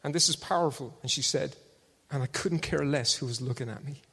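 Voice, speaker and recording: A man preaching a testimony sermon, swinging between loud shouted proclamations and hushed storytelling. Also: medium pitch, a little fast, gravelly, breathy edge. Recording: long hall reverb.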